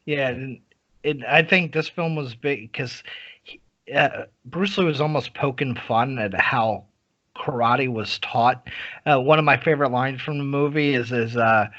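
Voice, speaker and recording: A man of medium pitch co-hosting a podcast, talking enthusiastically in a loose, restart-filled way with the odd swear. The recording has a dull, lo-fi sound. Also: unhurried, fairly bright tone. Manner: enthusiastic, profane, hesitant with many restarts. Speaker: podcast co-host. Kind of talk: casual film review chat.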